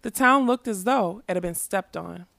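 A woman narrating a fantasy story in a steady, expressive reading. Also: mid-range voice, normal speed, creaky, dry recording.

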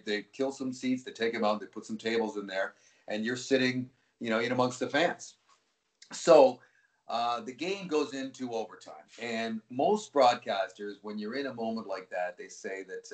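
Rambling hockey broadcaster telling stories. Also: male voice, mid-range voice, reverberant. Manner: relaxed, rambling with frequent restarts. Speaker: hockey play-by-play broadcaster, guest. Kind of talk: anecdotal interview storytelling.

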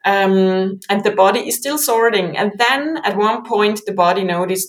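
Animated woman guest, lots of fillers. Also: medium pitch, moderate pace, hardly any pauses. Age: adult with three kids. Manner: animated, acts out inner voices, many fillers. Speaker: guest author. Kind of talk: conversational interview.

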